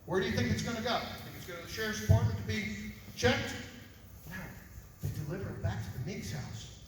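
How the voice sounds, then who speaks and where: A fairly high-voiced man speaks as a civil investigator at a press conference, pressing his points hard and firing off rhetorical questions. His voice comes from well off the mic, with a long, booming reverb around it and a faint hiss underneath. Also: a little fast. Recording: echoey hall, voice far from mic.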